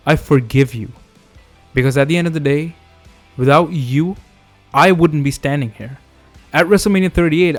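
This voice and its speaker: A man's voice: on the high side, no echo, natural voice. A man voicing an earnest male wrestler who offers forgiveness sincerely. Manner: soft-spoken, sincere.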